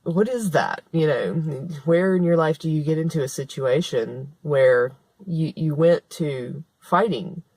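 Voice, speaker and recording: Deep and dark-toned, the voice belongs to an author and vlogger delivering a spoken-word monologue to camera, with no room sound. Her manner is earnest and chatty, and she often restarts sentences and goes back over points for emphasis.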